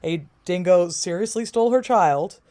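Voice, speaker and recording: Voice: mid-range voice, expressive, moderate pace, warm tone. A podcast co-host telling a story in casual chat, chatty and laughing along the way.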